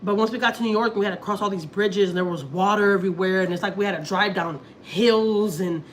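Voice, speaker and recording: A woman's voice: mid-range voice, fast. A Houston woman in her thirties chats casually on a livestream, telling a rambling personal story. She acts out her own lines and her husband's as she goes, with a faint background hum. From Houston, Texas. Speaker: family vlogger on a livestream.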